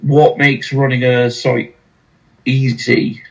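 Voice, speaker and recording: A man hosting a relaxed podcast, speaking plainly with dry humour. His mid-pitched voice has a gravelly, creaky edge. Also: takes it slowly, lo-fi sound. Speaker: podcast host. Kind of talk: casual podcast chat.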